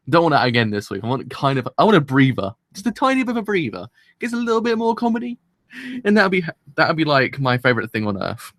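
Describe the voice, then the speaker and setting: A man's voice: mid-range voice, a bit bright, no echo, studio quality. Rambling man hosting a live reaction. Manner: rambling, chatty, self-deprecating, laughs often. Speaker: anime reaction host.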